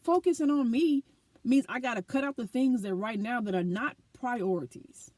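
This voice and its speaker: An adult woman vlogger with a school-age daughter speaks to her camera with earnest animation about her life. Her voice is on the high side and a little mellow, at a moderate pace, with no echo.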